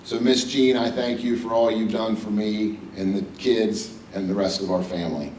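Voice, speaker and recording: In a lowish, slightly mellow voice with fairly even intonation and a moderate pace, a middle-aged man from West Virginia, USA, gives a personal, joking hall of fame acceptance speech at a podium. The banquet hall has an audience and echoes, and he's recorded from a distance, a bit off mic, with a little hiss or hum.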